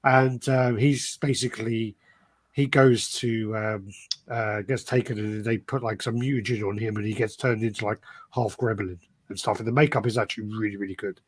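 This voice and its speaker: A man's voice: on the low side, steady tone, normal speed, slightly rough, no room sound. Rambling man telling stories. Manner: rambling storyteller, swears freely. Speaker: podcast co-host. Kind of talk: casual chat.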